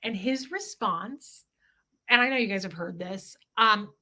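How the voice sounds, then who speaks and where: Bright-voiced woman, candid and emotional. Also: medium pitch, a little slow. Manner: emotional, confessional, swears freely. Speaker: livestream host. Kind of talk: candid livestream chat.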